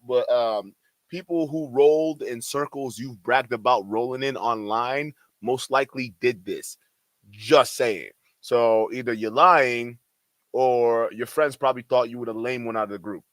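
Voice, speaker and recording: A man's voice: mid-range voice, fairly bright tone, no echo. A man reacting to a clip with mocking, laughing, profane commentary. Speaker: commentary streamer.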